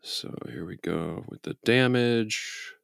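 Very deep, gravelly-voiced man playing a tabletop game. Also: slow, very noisy. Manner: relaxed, thinking aloud with many ums. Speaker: player. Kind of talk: casual tabletop game chat.

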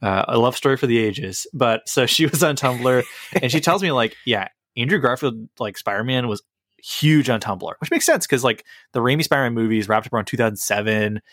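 A man co-hosts a podcast, talking about a movie in a casual, enthusiastic, rambling, and jokey way. His mid-range voice is brisk and a bit bright, and the recording is dry.

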